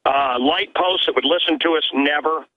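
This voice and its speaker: A man's voice: on the high side, moderate pace. A man calling in to a talk radio show as a guest host, talking emphatically and exasperated, stammering and restarting his sentences. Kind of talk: heated call-in talk radio. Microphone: phone. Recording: muffled lo-fi phone line.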